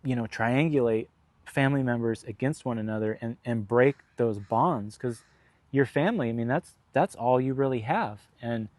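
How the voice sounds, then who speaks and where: A man's voice: medium pitch, moderate pace, darkish tone, no echo. A man vlogging in a casual, rambling storytelling monologue, frank and profane, full of fillers.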